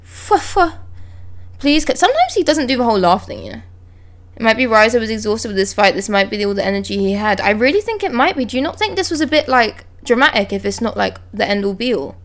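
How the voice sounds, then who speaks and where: A young woman streaming live, reading manga dialogue aloud and breaking off to react with excited exclamations and swearing. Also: on the high side, quick pace.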